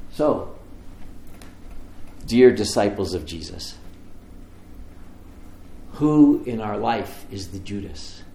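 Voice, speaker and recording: A male pastor preaching a sermon, telling the story with animated voices for the people in it. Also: on the low side, echoey room. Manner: animated storytelling, acts out dialogue.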